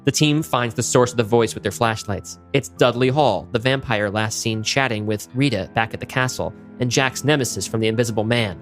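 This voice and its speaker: A man co-hosting a podcast tells a monster story vividly at a table read. His pitch sits in the middle, and soft music plays faintly behind him. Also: brisk, few pauses. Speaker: podcast co-host. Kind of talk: script table read narration.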